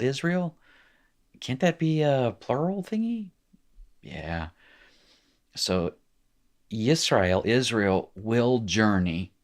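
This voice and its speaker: A man teaching a recorded language lesson, explaining patiently with small asides and encouraging the listener. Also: medium pitch. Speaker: Hebrew teacher.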